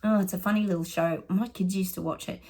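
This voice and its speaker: A woman's voice: medium pitch, steady tone, fast talker, dark tone. A middle-aged Australian woman, a psychic giving casual predictions, chatty and sarcastic, often laughing.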